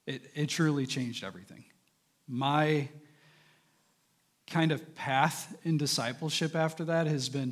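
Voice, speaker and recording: A young adult man, a church minister, giving a candid, conversational devotional talk about his own experience. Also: fairly high pitch. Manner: candid, conversational personal testimony.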